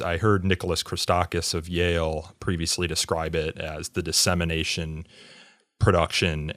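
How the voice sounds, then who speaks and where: Low-voiced man hosting a podcast interview. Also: a bit bright, no echo, clean studio sound. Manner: measured, with frequent fillers. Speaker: podcast host. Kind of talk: interview questions.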